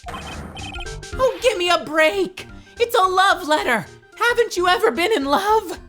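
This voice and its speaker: A woman voicing a goofy, lovesick young man who is excitable and whiny, in a dramatic reading of a game. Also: very high voice, slow pace, soft background music, pitched above the performer's own voice, exaggerated voice. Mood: indignant.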